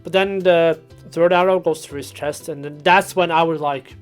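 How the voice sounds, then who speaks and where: A woman's voice: low voice, steady tone, moderate pace, smooth, faint music behind. A woman co-hosting a casual movie chat, reasoning aloud in a dry, teasing way. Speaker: podcast co-host.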